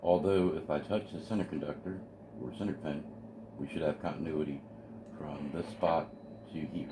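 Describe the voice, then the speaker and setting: Steady and bass-voiced at a normal speed, an amateur radio enthusiast explains every step of putting together a kit at his bench with obvious eagerness. The home video recording is noisy.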